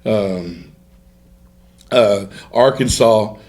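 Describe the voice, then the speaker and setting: A man with a fairly low voice, middle-aged, spinning casual stories as a podcast guest. He backtracks and restarts often and laughs easily at his own tales. The delivery is loose and unscripted. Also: very slow, a little mellow. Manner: rambling, self-interrupting storyteller who laughs through his own stories. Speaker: guest, duck hunter. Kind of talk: casual storytelling in a podcast interview.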